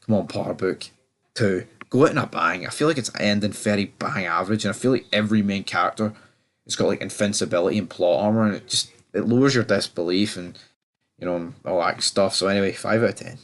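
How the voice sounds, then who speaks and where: A young man talks through a TV episode in a loose, rambling way. He stumbles and restarts his sentences and sounds exasperated with the show. His voice sits a little low. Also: fairly quick. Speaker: TV review channel host. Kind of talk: casual episode review.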